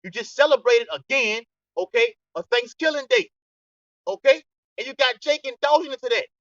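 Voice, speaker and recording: A man's voice: very high-pitched, expressive, normal speed, a bit bright, no echo. A man teaching a scripture study group in a preaching style. He ends many lines with "okay?" and often stammers and restarts. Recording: distant, dull lo-fi, dry.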